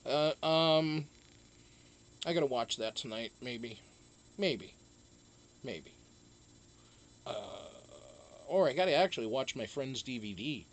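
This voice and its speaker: A man's voice: mid-range voice, expressive, normal speed, long pauses, a little hiss or hum. A man hosting a casual live stream, chatting loosely, greeting viewers one by one and swearing freely.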